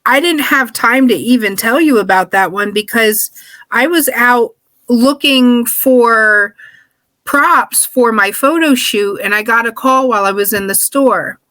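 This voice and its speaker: A woman's voice: a little high, measured pace, bright, forceful tone, dry recording. A young woman, an actor, chatting casually with lots of "like" fillers. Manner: casual, uses many fillers like "like". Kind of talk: casual interview chat.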